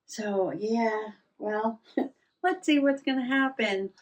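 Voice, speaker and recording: A woman's voice: on the high side, takes it slowly. An older woman vlogging in a rambling, self-mocking way, laughing often and a little out of breath. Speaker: journaling vlogger. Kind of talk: casual chat.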